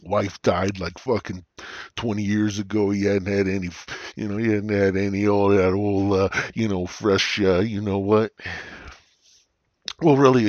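A man hosting a podcast, telling a profane, meandering comedic story in a husky, stoned drawl. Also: low-pitched, no room sound, muffled recording. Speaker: podcast host. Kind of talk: rambling comedic monologue.

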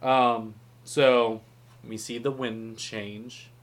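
A man's voice: mid-range voice, flat delivery, extremely slow. A man in casual chat recapping a film, joking, swearing and acting out quotes. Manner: profane, joking, acts out quotes.

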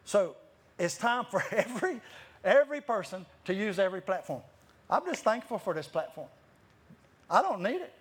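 Animated preacher man. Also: sits high, moderate pace, breathy edge. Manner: animated, rambling, frequent restarts and laughter. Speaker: guest preacher. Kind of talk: lively sermon storytelling.

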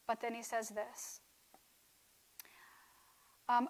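Her fairly high voice carries vocal fry and a pushed, bright edge as she teaches scripture at normal speed, leaving long pauses. It's a conversational sermon, peppered with "right?" checks. The recording is rough.

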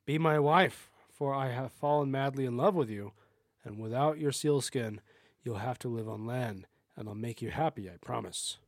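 A man's voice: medium pitch, moderate pace, dry recording, studio quality, natural voice. A man doing an earnest young fisherman. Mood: pleading. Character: headstrong young fisherman in love.

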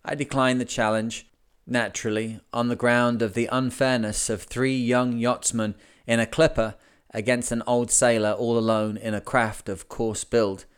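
A man hosting a podcast, reading an old sea memoir aloud in a measured, deliberate way. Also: mid-range voice, level tone, clear, resonant tone. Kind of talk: audiobook narration of a memoir.

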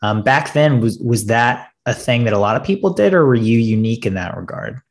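Guy hosting a podcast interview, laughs a lot, sets up questions, average pitch. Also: animated, a little fast. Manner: friendly, laughs often, frames questions. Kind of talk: casual interview.

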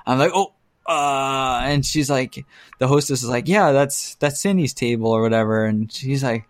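A man's voice: mid-range voice, normal speed, dry recording. Man telling a funny story, laughing. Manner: animated storytelling, acts out quotes, laughs often. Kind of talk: casual chat.

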